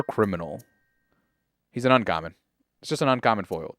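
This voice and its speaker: Lively, hyped male streamer. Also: lowish voice, fast, long pauses, no echo, clean studio sound. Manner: hyped, jokey, swings between loud cheers and mutters. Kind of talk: casual live-stream pack opening.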